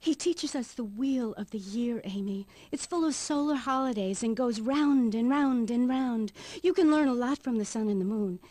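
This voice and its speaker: An actress playing a rambling new-age woman who calls herself a white witch, on a game's radio talk show, drifting into hushed whispers. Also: a little high, normal speed, hardly any pauses, no room sound, lightly acted. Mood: dreamy. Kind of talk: video game radio comedy acting.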